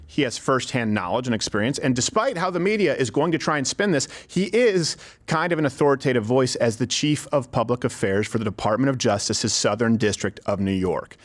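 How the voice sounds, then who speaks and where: Guy doing political commentary, punchy rhetorical delivery, talks right at the viewer. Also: mid-range voice. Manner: emphatic, rhetorical, addresses viewers directly. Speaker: commentary host.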